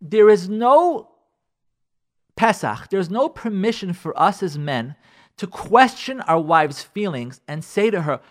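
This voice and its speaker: A man's voice: sits high, very animated, takes it slowly. A man teaching a radio class as a rabbi, emphatic and repetitive, sprinkling in Hebrew and Yiddish terms. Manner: acts out listeners' imagined voices. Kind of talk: radio Torah class on marriage.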